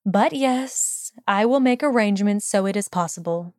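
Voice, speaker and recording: A woman voicing a strict older headmistress who speaks in a measured, wise and firm way, in an audiobook reading of fan fiction. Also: mid-range voice, animated, dry recording, clean studio sound, close to an everyday voice. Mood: weary.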